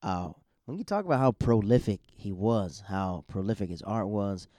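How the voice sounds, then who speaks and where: A man's voice: fairly low pitch, animated, moderate pace, warm tone, no room sound, studio quality. A man, a stand-up comedian, hosting a podcast in a loose, chatty monologue full of restarts.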